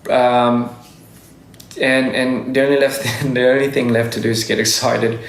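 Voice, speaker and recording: A man's voice: mid-range voice, level tone, unhurried, a little hiss or hum. Rambling man on a livestream. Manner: loose, rambling, with many restarts. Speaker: livestream host. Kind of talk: casual livestream chat. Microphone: phone. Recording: roomy echo.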